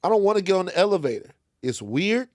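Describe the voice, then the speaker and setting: A man from Louisiana tells a story on a studio podcast. His voice is a bit high and swings widely in pitch as he acts out other people's voices and swears freely. The recording is dry and close. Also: very animated, fast, darkish tone, no echo. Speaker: podcast co-host. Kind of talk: casual studio chat.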